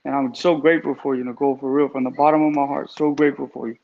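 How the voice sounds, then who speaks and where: A man's voice: medium pitch, level tone, rapid-fire, creaky, lo-fi sound. A man calling in to a live stream, gushing with grateful, repetitive praise as he talks about his recovery. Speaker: guest caller in recovery, barber. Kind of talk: emotional live-stream call.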